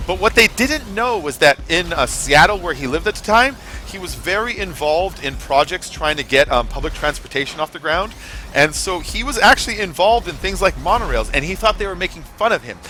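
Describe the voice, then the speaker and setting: A man's voice: on the high side, sing-song, a little fast, pushed and bright, soft background music. A man streaming a game, chatting casually, rambling with lots of fillers and swearing. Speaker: gaming streamer. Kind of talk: casual live-stream chat while gaming.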